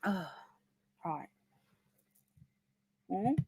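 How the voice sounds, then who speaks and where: A woman's voice: medium pitch, lively intonation, very slow, dark tone, breathy edge, no room sound. A woman with a sore throat talks straight to her live viewers in a casual, rambling way, full of opinions and restarts. Her voice sits mid-height and sounds close and dry, with no room around it. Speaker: livestream host. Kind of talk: casual live chat reading viewer comments.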